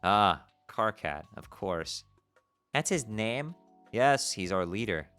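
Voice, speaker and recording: A man's voice: lowish voice, animated, slow pace, fairly bright tone, smooth, faint music behind. A man doing a bubbly sea-troll princess who glubs. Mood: breezy. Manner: perky, playful, drops "glub" into speech. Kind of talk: reading a webcomic aloud.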